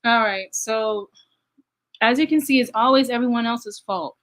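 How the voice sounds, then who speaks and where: A woman's voice: a little high, moderate pace, fairly bright tone. Young woman, candid reaction commentary, addresses the viewers directly, laughs easily.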